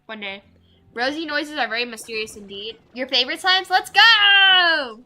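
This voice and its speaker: An animated young VTuber talks fairly quickly in a bright, forceful, fairly high voice during a casual gaming stream. She rambles on to her chat, filling gaps with lots of filler words.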